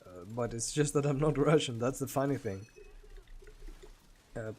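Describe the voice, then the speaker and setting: A man's voice: mid-range voice, normal speed, darkish tone. A man from Greece with a Greek accent, chatting casually and laughing often while streaming a game and answering chat.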